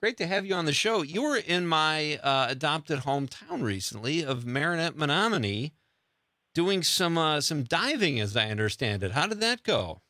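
A man hosts an interview show, joking and enthusiastic as he asks questions. His voice is bright and forward. The sound is dry and close. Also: a little high, very animated, moderate pace, no echo. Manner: jokey, laughing, enthusiastic. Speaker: podcast host. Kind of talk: casual interview chat.

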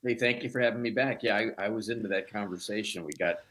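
Low-voiced storytelling producer man. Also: fast. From Chicago. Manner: relaxed, rambling storyteller. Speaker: documentary producer, guest. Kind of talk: casual interview storytelling.

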